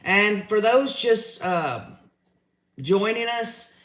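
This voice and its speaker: A man's voice: sits high, animated, drawn-out words, a bit bright, roomy sound. A man, hosting a livestream, giving his opinions in a chatty way and reading out viewer comments. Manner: chatty, opinionated, says y'all often. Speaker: livestream host reading chat.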